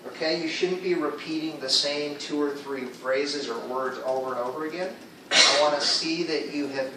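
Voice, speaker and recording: A man's voice: on the high side, recorded from a distance, background noise. Guy teaching english class, keeps asking okay? right?, recorded from across a big echoey room. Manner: explains patiently, checks in with students often. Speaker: ESL teacher.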